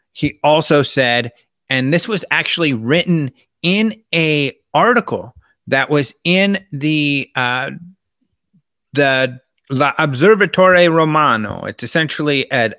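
A man hosts his show in a loose, chatty monologue, reading out quotes as he goes. His voice is bright and forceful, and it sits at a middle pitch. The sound is dry and close, with no room echo. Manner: chatty, gestures with his hands while talking. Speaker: host.

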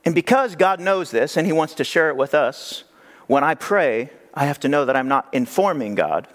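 A male pastor preaching a sermon in a conversational, animated way, with rhetorical questions. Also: moderate pace. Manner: animated, acts out quoted voices with big pitch jumps.

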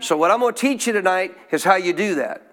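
A man with a high-pitched voice preaches a sermon with emphatic call-and-response. He keeps asking the congregation questions and urging them to say lines back to him. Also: lively intonation, quick pace, fairly bright tone. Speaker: pastor.

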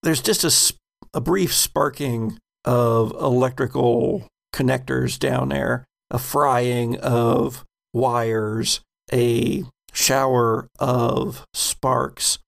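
A man narrating a tabletop game as game master, unhurried and halting with many fillers. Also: mid-range voice, fairly even intonation, gravelly.

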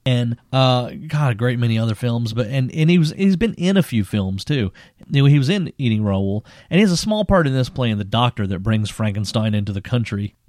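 A man co-hosting a podcast, chatting casually about an old cult film, rambling and animated and laughing often. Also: mid-range voice, fairly quick, no echo, clean studio sound. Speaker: podcast co-host.

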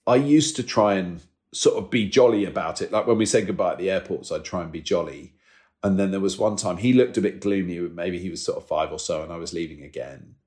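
A man in his forties telling personal stories candidly as a guest, halting often and restarting his sentences, with an emotional, self-deprecating manner. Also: low voice, darkish tone. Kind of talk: candid conversational storytelling.

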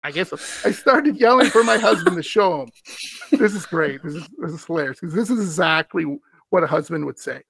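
A man's voice: sits high, expressive, fairly quick, creaky, a bit bright, slightly rough, no room sound. A man hosting a podcast, reading a scary story aloud and breaking off for wry, amused asides. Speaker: podcast host.

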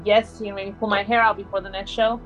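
A woman's voice: mid-range voice, level tone, quick pace, muffled recording, soft background music. A woman co-hosting a true-crime podcast who wraps up the show in a friendly, casual way. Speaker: podcast co-host. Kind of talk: casual chat, reading the show's sign-off.

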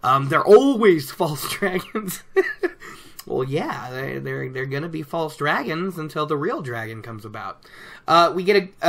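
A man chatting casually as he recaps a book, animated and laughing, acting out characters' lines. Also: fairly high pitch. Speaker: book discussion host.

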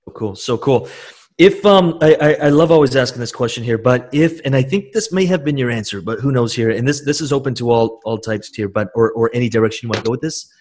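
A man's voice: medium pitch, lively intonation, fast talker, a little mellow. A man hosting a podcast, asking long rambling questions with eager enthusiasm. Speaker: podcast host. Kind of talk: interview questions.

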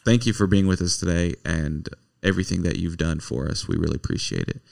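A man's voice: low voice, brisk, gravelly. A man hosting a casual chat, joking and teasing his guests in a rambling way. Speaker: host.

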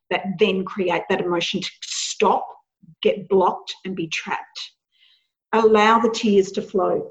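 A woman being interviewed as a podcast guest, telling stories in a lively, animated way and laughing often. Her voice sits at a middle pitch. The recording is dull and lo-fi. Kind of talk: casual chat. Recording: dull lo-fi sound.

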